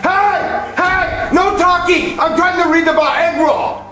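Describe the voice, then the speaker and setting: Man doing an angry shouting teacher, very high voice, echoey room. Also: fairly even intonation, slow pace, recorded from a distance, faint music behind, heavily acted. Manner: yelling, insulting.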